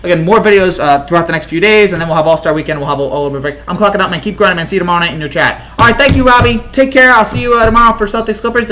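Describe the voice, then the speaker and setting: A man hosting a casual live sports stream, speaking in a high, bright voice. He rattles along very quickly, excitable and rambling, with plenty of fillers and restarts. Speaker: host.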